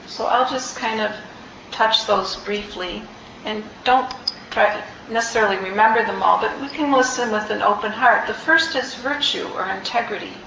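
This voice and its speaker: A woman meditation teacher giving an unhurried, reflective dharma talk, gently searching for her words. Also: medium pitch, roomy sound, muffled recording, slight background noise. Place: meditation hall.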